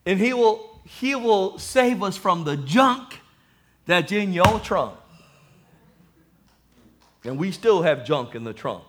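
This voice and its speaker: A male pastor preaching a sermon, animated, calling for amen and swinging between loud and hushed. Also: high-pitched, slow pace, pauses often, a little hiss or hum.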